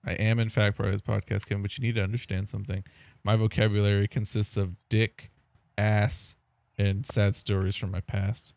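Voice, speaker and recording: A man's voice: on the low side, flat delivery, normal speed, creaky, a little mellow, no room sound, dull audio. A man on a casual podcast with friends, trading crude, self-deprecating banter. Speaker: podcast co-host. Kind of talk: casual chat among friends.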